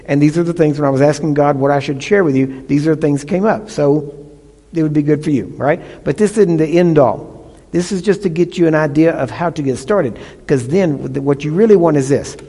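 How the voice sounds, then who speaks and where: A man's voice: fairly high pitch, fairly quick, dark tone, slightly rough, long reverb tail. A male pastor preaching a sermon, teaching emphatically and often checking in with the congregation.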